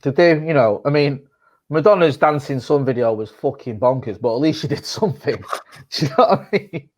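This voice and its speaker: A man's voice: medium pitch, fairly quick. A man, co-hosting a casual podcast chat, sweary and rambling as he tells his stories. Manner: sweary, rambling, animated storytelling. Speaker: podcast co-host.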